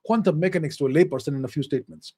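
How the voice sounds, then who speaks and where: A man's voice: on the high side, rapid-fire, darkish tone, no room sound. A middle-aged man hosting a casual live Q&A, answering viewer questions in an emphatic, lecturing way and repeating phrases for stress.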